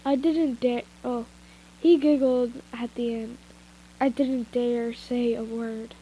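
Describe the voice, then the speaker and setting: A young woman with a stuffy nose reads fan fiction aloud in a casual, giggly way, often stopping for chatty asides. Her voice is high and her pace unhurried. A faint hiss sits under the headset recording. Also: fairly even intonation, warm tone, poor audio. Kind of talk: casual story reading. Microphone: headphones with mic.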